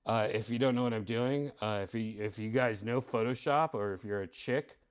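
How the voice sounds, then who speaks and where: A man hosting a live stream, talking casually in a rambling, excitable way with lots of fillers. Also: lowish voice, moderate pace, smooth. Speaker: streamer host.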